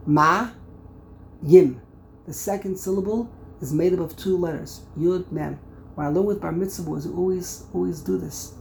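A man teaching a Bible lesson on commentaries, thinking aloud, repeating words as he explains and sounding out syllables with loud stress. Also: on the high side, vocal fry, slight background noise, low-quality recording. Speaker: Torah teacher.

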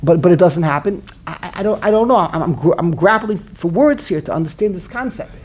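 A woman's voice: on the low side, lively intonation, brisk, a little mellow, a little hiss or hum. A woman giving a religious class, thinking aloud with emphatic rhetorical questions and frequent restarts. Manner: talks with many restarts while thinking aloud. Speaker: Torah teacher.

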